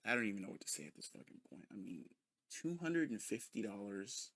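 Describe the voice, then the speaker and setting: A man's voice: fairly low pitch, animated, a little fast, vocal fry, a bit bright, dry recording, clean studio sound. A man ranting in a sarcastic, mocking commentary full of profanity. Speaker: commentary video host.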